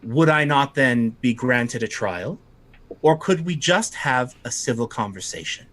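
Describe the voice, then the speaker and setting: A poised woman ambassador who stays measured and courteous under pressure, as a man puts her on. The delivery is calm and diplomatic, with a bright timbre. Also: medium pitch.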